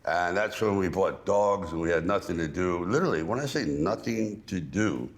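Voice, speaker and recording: An older man hosting a relaxed conversational interview, talking in a slow, reflective drawl. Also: low voice. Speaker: host.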